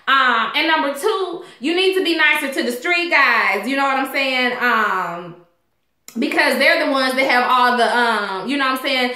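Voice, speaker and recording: A woman's voice: high-pitched, normal speed, sharp tone. A woman giving a casual, rambling recap of a TV episode, full of fillers and asides. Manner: chatty, rambling, fillers like "you know what I'm saying". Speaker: TV show reviewer. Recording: echoey room.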